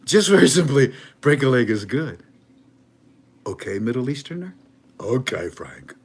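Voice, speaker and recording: A man giving an animated commentary monologue in a dramatic, emphatic way, with many stammering restarts. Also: medium pitch, unhurried, husky. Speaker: online currency commentator.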